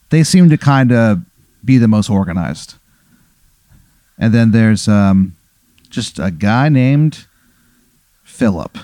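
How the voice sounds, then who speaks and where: A man's voice: on the low side, warm tone, smooth, no echo. A man casually improvising a comic story in a rambling, profane way.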